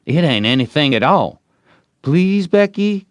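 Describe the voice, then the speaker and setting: A man's voice: fairly high pitch, sing-song, measured pace, clean tone, dry recording, pitched above the performer's own voice. A man voicing an eager, smitten young boy in an audiobook, talking in a coaxing, boastful way. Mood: pleading. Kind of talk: audiobook reading.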